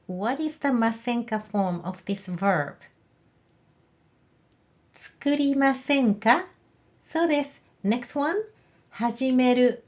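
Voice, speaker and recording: A woman with a slightly high voice teaches a slow, clear video language lesson, and the recording has its highs cut off. She walks through grammar step by step, modeling example phrases with a rising question tone so learners can repeat them.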